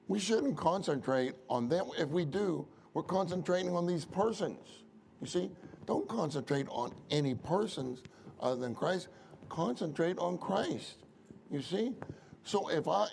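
A man's voice: fairly high pitch, creaky, darkish tone, slight background noise. A man preaching a conversational church sermon, often asking the congregation questions.

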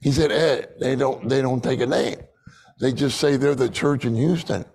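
A man's voice: mid-range voice, normal speed, gravelly, a little mellow, low-quality recording. An older man giving a conversational sermon testimony, telling stories and acting out what people said, with a laugh now and then. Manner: storytelling with laughs, acting out dialogue. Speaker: church speaker sharing a testimony.

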